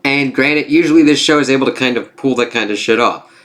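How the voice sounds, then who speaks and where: A man's voice: medium pitch, quick pace, fairly bright tone. A man casually recapping a TV episode, rambling and swearing, full of filler phrases. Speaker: TV reviewer.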